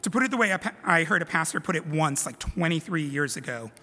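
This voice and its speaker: A man delivers a sermon to his congregation, slipping into conversational, self-deprecating asides. His voice sits a little high and sounds bright and forceful. Long reverb from the church sanctuary trails behind his words. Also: animated, quick pace. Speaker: preacher.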